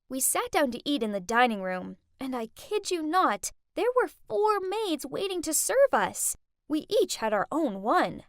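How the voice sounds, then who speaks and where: A woman tells a first-person animated story in the voice of a dramatic teenage girl. Her pitch is high and swings widely. The sound is dry and close to the mic. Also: dry recording. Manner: expressive, dramatic teen voice. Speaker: narrator.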